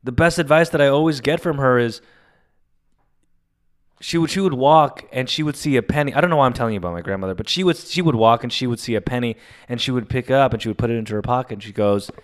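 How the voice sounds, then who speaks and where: Guy doing a solo comedy podcast, rambles and swears a lot, nice smooth voice. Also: medium pitch, quick pace. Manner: rambling, profane storytelling with loud bursts. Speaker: podcast host. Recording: audio-only podcast mic.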